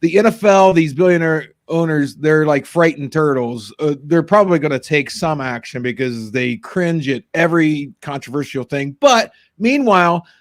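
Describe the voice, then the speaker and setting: A man hosting a sports talk show in casual, rambling chat. His voice sits a bit high for a man. He talks in an animated way and laughs easily. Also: normal speed, hardly any pauses. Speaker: podcast host.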